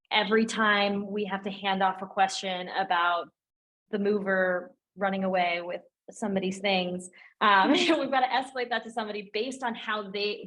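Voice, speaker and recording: A young woman speaking as a guest in a casual interview, animated and chatty, filling her talk with "like" and "um". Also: medium pitch, rough recording. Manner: animated and chatty, heavy use of "like" and "um". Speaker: guest, operations lead at a tech firm.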